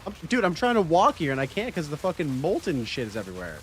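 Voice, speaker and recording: A man's voice: on the high side, wildly swooping pitch, quick pace, a little hiss or hum. A man putting on a brash New Yorker tough guy. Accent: New York. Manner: loud, emphatic catchphrases.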